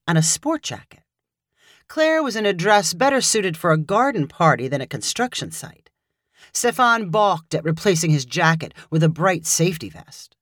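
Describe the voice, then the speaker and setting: A woman narrating a short story in a measured, expressive reading voice. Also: lowish voice, no echo, clean studio sound.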